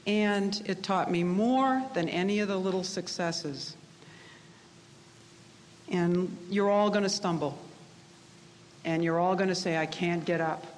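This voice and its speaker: A woman's voice: mid-range voice, slow pace, long pauses, slight background noise. Middle-aged woman giving a candid speech in a reverberant hall. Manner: candid, self-deprecating storytelling. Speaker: speaker addressing graduates. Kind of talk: personal speech.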